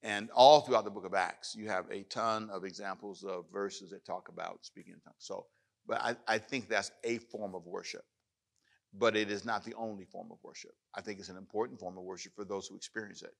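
A man pastor preaching a sermon, rising loud as he reads scripture, then taking questions in church. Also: sits low, fairly even intonation, brisk, gravelly. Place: church hall with live audience.

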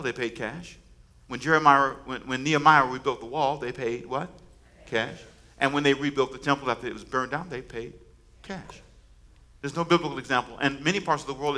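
A man's voice: mid-range voice, bright, forceful tone. A man preaching a sermon, emphatic and repetitive, calling on the congregation to say lines back to him. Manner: preaching with call-and-response to the congregation; emphatic, repeats words and phrases. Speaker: pastor.

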